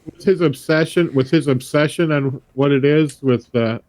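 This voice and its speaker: A man's voice: on the high side, moderate pace, a little mellow, no echo. A man playing a tabletop game, thoughtfully explaining what his character does. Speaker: player.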